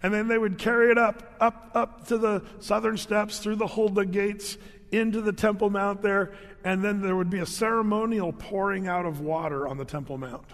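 High-voiced male preacher in a reverberant hall. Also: moderate pace. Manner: animated storytelling, rhetorical questions to listeners. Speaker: pastor. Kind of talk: sermon.

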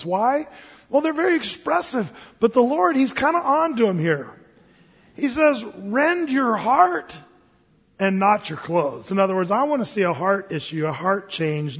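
A man's voice: high voice, husky, muffled recording. A man preaching a sermon in a conversational storytelling manner, with restarts and asides, in a church hall. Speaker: pastor.

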